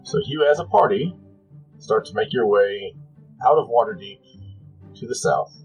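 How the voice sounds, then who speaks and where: A man running a tabletop game, narrating and ruling in a relaxed, wry way. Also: fairly low pitch, normal speed, faint music behind, poor audio. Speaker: game master.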